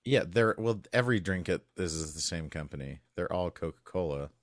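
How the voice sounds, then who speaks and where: A man co-hosting a podcast in casual chat, chatty and opinionated with quick asides. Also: low voice, animated, no echo, clean studio sound. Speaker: podcast co-host.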